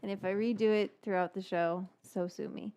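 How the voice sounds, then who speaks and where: A woman hosting a live cooking stream, rambling in casual chat, swearing now and then and muttering quiet asides. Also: mid-range voice, steady tone, moderate pace, a little hiss or hum. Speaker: cooking show host.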